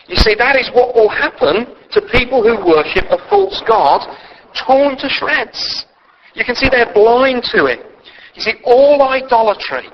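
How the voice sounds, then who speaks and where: Guy preaching in church, high voice, goes quiet then loud, dull lo-fi recording with faint hiss. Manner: impassioned, swings from quiet to loud. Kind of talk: sermon.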